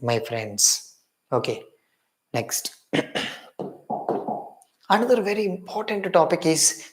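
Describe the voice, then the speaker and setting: A man's voice: on the high side, a little mellow. A man with an Indian English accent giving an exam-prep literature lecture, emphatic, repeating key points and calling viewers his friends.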